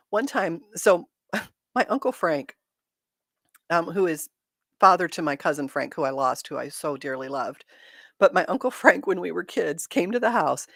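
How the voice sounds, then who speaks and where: A woman's voice: on the low side, gravelly, no room sound, clean studio sound. Chatty laughing woman in her 50s. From Michigan. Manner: laughs often while telling stories. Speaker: livestream host reading chat. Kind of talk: casual chat.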